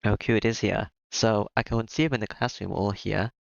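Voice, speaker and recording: A man hosting a game playthrough, reading the text aloud haltingly with frequent stumbles and restarts between his own comments. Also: on the low side, fairly even intonation, creaky, no room sound, highs cut off. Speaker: let's play host. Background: game music.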